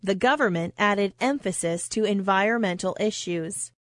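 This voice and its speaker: A woman reads example sentences aloud for a language lesson. Her delivery is slow, even and deliberate, at a middle pitch. The recording is dry and close, with no room sound. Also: no echo.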